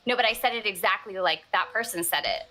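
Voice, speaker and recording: A woman's voice: mid-range voice, fast, bright, forceful tone, poor audio. A woman chatting playfully with a co-star over a game, laughing often. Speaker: voice actor guest. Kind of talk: casual chat over a game.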